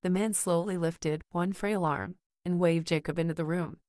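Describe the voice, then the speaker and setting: A woman reads a horror story aloud in a low voice. Her delivery is slow and measured. The recording is dry and close. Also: steady tone, a little mellow, dry recording. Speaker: narrator. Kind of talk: scripted horror story narration.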